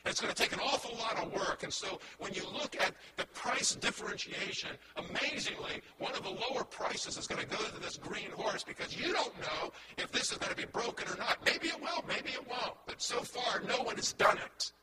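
Male pastor, very high voice, impassioned sermon, heavy background hiss. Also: lively intonation, brisk, hardly any pauses. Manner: impassioned, shifting from hushed to loud; repeats words when building a point.

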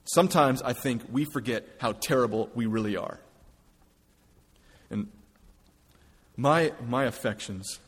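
Husky preaching man in a reverberant hall. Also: mid-range voice. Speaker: pastor. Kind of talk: sermon.

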